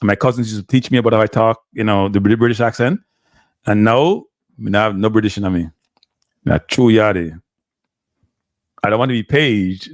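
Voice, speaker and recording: A man's voice: on the low side, animated, brisk, no room sound, clean studio sound. A man with a Jamaican accent hosting a live stream, talking casually and switching between standard English and patois. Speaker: live show host.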